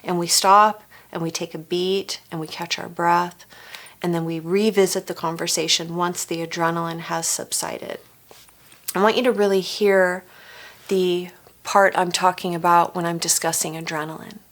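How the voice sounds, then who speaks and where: A woman's voice: on the low side, fairly even intonation, normal speed. A woman presenting a family recovery course, coaching listeners with rhetorical questions and acted-out sample phrases. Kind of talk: teaching a workshop.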